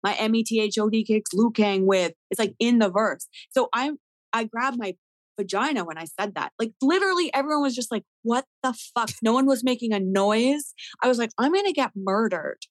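Woman in her thirties, guest rapper. Lively, profane storyteller who acts out the quotes, in a dry room. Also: fairly high pitch, brisk, no room sound, low-quality recording. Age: 30s. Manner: animated, swears often, acts out quotes. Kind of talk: casual interview storytelling.

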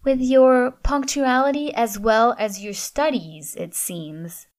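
A woman's voice: on the high side, takes it slowly, voice pushed up. A woman voicing a stern, icy professor. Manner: clipped, icy and formal. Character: stern, curt female professor, middle-aged.

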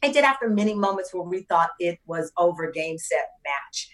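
A woman guest chatting in an animated, laughing way, full of quick asides. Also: lowish voice, distant mic. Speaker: guest, TV talk show host. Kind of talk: casual interview chat.

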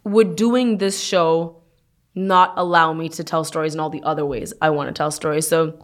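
A woman's voice: low-pitched, fairly even intonation, normal speed. A woman from Canada, a guest on a casual chat podcast, talking earnestly and with emphasis and laughing easily. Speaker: guest, late-night host.

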